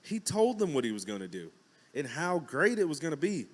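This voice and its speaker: A man's voice: on the high side, big pitch swings, a little fast. A man preaching a casual, conversational sermon, acting out quotes with jokes and asides. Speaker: pastor.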